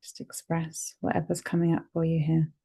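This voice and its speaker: A woman guiding a tapping session, speaking calmly and gently and repeating phrases for the listener to say back. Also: deep voice, moderate pace, gravelly, slightly rough. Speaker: EFT tapping guide.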